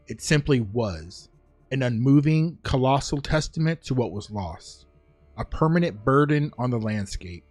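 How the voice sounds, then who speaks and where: A man reading a dark short story aloud in a solemn, measured way. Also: mid-range voice, dry recording. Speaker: narrator. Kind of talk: scripted story narration.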